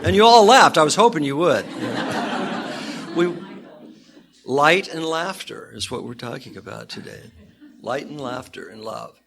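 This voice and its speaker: A male minister preaching a sermon to a congregation with animated storytelling and emphatic repetition. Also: fairly high pitch, a little slow, vocal fry, pauses often, a crowd in the background. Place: church with congregation.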